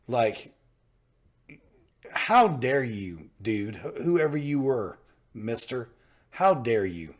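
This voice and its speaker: A male reaction host talks straight to his viewers in a casual, heartfelt way. He is earnest and fired up, and he drives each point home by saying it again. His voice sits at an ordinary middle pitch. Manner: earnest and fired up, repeats himself for emphasis.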